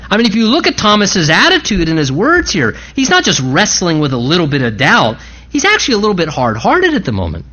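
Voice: medium pitch, bright, forceful tone. A pastor preaching a sermon in a conversational, emphatic way, often repeating key phrases for weight. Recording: dull lo-fi recording.

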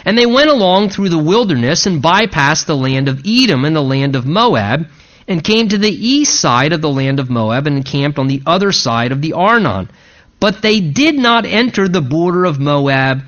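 Man, preacher, lively up-and-down voice, slightly high, dull lo-fi recording. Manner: animated, explains verse by verse with conversational asides. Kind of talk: expository sermon.

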